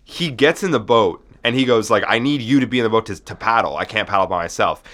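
A man co-hosting a podcast, telling a deadpan comic story in a rambling way, full of restarts. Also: lowish voice, fast talker. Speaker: podcast co-host.

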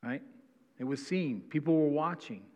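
A man's voice: on the high side, expressive, normal speed, dark tone. A male pastor preaching a sermon, reading scripture aloud and then explaining it with frequent "right?" tags. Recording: dull sound with long hall reverb.

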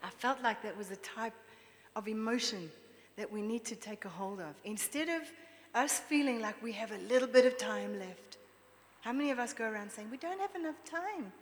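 A woman preacher giving a lively, chatty sermon, drawing the congregation in with questions. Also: mid-range voice, moderate pace. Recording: long reverb with faint background noise.

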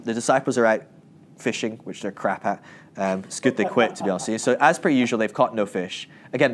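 A man's voice: lowish voice, a little hiss or hum. A man giving a casual, humorous Bible teaching, joking and acting out quoted lines. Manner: jokey, animated, acts out quotes in raised voices. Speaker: Christian teacher.

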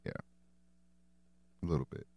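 A man's voice: measured pace, dark tone, no echo. A former football player chatting as a podcast guest, hesitant and repeating his words, with many "you know"s. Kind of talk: casual interview chat. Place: warm podcast studio.

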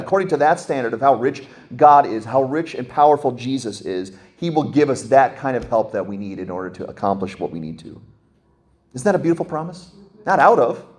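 A man preaching a sermon as a pastor, slowing and dropping soft on scripture, then rising sharply in pitch and volume to stress a point. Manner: slows down and drops to a soft low voice on scripture.

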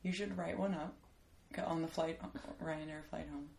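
A woman's voice: deep voice, fairly even intonation, normal speed, vocal fry, a little mellow, roomy sound, slight background noise. A woman hosting a podcast interview, chatty and playful, laughing often and teasing her guest. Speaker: podcast host. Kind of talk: casual interview chat.

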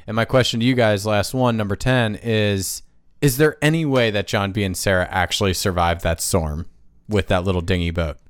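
A man's voice: lowish voice, moderate pace, clear, resonant tone, no room sound. Dry-voiced man telling a rambling story. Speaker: podcast co-host. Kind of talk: casual podcast chat.

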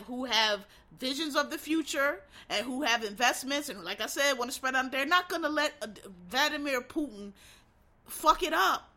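Fiery high-voiced American woman ranting. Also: sharp tone. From United States. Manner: heated, blunt, heavy swearing. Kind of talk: casual profane rant.

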